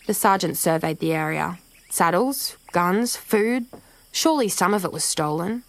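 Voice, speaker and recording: A woman storyteller giving scripted narration for children in a lively, expressive way. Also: lowish voice, unhurried, no room sound, rough recording. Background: soft music.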